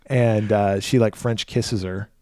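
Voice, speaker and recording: A man's voice: on the low side, steady tone, slow pace, darkish tone, no echo, clean studio sound. Profane man recapping a horror film. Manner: profane, rambling retelling with restarts. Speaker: podcast co-host. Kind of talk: casual film recap chat.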